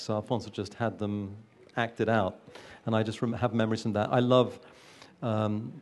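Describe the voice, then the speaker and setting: A man's voice: on the low side, darkish tone. A man, a film producer, answering interview questions earnestly, with frequent hesitations and restarts.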